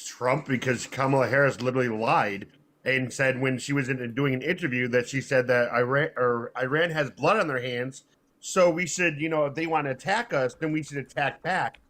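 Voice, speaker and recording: A man's voice: medium pitch, normal speed, fairly bright tone. Brief: heated male caller, thirties, hostile and profane. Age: 30s. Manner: angry, accusatory, swears a lot. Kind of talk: heated live debate.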